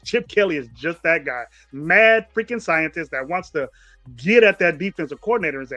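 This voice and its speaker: A man co-hosting a casual sports talk show, blunt and animated, with some swearing. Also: high voice, quick pace, no room sound, dull audio, faint music behind. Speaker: co-host.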